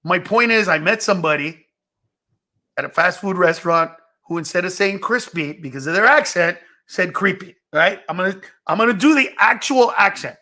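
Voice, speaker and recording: A man's voice: high voice, lively intonation, moderate pace, bright, forceful tone. A young male comedian, a guest on a talk show, telling stories in an emphatic, insistent and profane way. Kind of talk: animated comedic storytelling.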